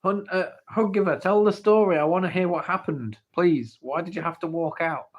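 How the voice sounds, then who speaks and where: A man's voice: high voice, moderate pace, lo-fi sound. Teasing English man on a livestream. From England. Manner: playful, teasing, pleading for the story. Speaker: livestream host. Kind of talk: casual livestream chat. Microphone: phone.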